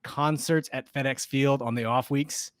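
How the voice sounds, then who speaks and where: A man's voice: mid-range voice, fairly even intonation, a little slow, no room sound, clean studio sound. A man co-hosting a sports podcast, chatting casually and rambling with restarts. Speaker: podcast co-host.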